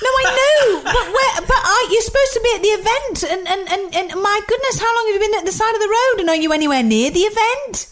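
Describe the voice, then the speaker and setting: Woman, podcast co-host, giggly, exclamatory, lively pitch, faint background noise. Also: fast, few pauses, shouting. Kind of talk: casual chat.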